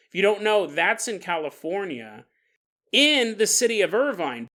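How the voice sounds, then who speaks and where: A man's voice: high-pitched, normal speed. A man in his forties hosting a podcast, telling a paranormal story with jokes and silly put-on voices. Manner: jokey, animated, puts on silly voices for listeners. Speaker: podcast host.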